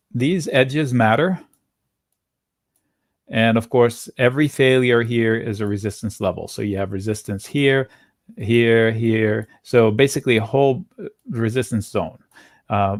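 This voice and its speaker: A man in a dry, close-miked room hosting a live trading stream. He talks casually and thinks out loud, jumping from point to point as he reads charts. His pitch sits mid-range for a man. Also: no room sound. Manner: casual, chatty, thinks aloud while reading charts. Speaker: options trading webinar host. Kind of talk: live market commentary.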